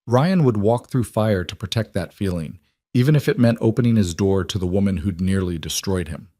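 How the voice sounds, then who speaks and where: A man narrating an emotional story in a calm, measured, scripted reading. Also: deep voice, no room sound, clean studio sound.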